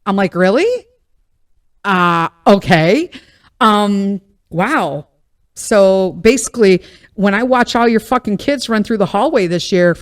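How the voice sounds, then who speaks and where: A woman podcast host in a casual storytelling monologue, with a voice that rises and dips across a lively pitch range. She is blunt and profane, venting with plenty of swearing. She often turns wry and laughs at herself.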